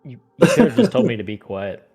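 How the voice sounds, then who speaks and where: A player on a voice call making dry, low-key jokes at the others' expense. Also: wildly swooping pitch, brisk, crowd noise. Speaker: tabletop game player. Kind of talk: casual chat on a voice call.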